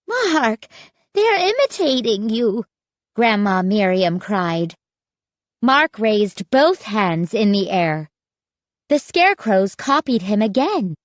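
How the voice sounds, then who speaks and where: Slow, measured woman narrating a spooky audiobook. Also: mid-range voice, no room sound.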